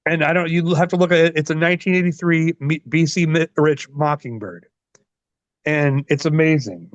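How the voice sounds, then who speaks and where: Man, 40s, wrestler guest: profane, animated storyteller, slightly high voice, dry lo-fi audio. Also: normal speed, no room sound. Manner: profane, animated, laughs often. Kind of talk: casual storytelling. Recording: dull lo-fi dry sound.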